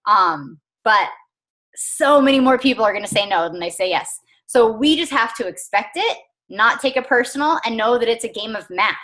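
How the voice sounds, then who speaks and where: Bright-voiced chatty woman coaching her team. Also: fairly high pitch, expressive, normal speed. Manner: chatty and earnest, with frequent fillers and small laughs. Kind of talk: casual motivational team call.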